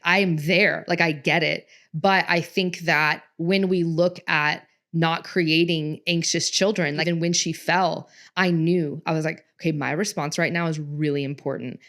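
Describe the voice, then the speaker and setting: A woman's voice: deep voice, unhurried, few pauses. A woman co-hosting a parenting podcast, talking earnestly and telling a personal story in casual conversation. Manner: earnest, storytelling, animated quoting. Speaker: podcast co-host.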